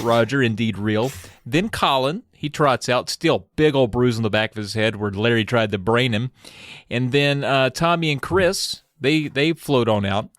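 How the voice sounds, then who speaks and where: A man's voice: medium pitch, a bit bright, no echo, studio quality. A man co-hosting a podcast, teasing his co-host and wryly retelling a story in his own words. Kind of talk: casual chat and book retelling.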